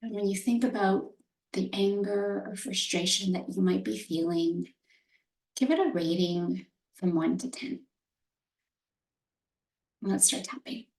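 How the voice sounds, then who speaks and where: A woman guiding a tapping meditation, speaking calm first-person affirmations slowly. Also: mid-range voice, reverberant, far from the mic, poor audio. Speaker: EFT tapping guide.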